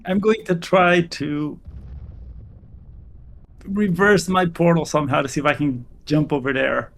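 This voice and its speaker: A man's voice: a little high, fairly even intonation, unhurried, creaky. A man playing in a tabletop game, speaking hesitantly and thinking aloud about his moves. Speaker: player.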